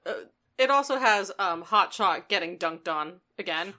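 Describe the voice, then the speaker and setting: A woman co-hosting a podcast, chiming in with wry, quick remarks during an episode recap. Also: medium pitch, expressive, pushed and bright. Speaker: podcast co-host. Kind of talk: casual episode recap chat.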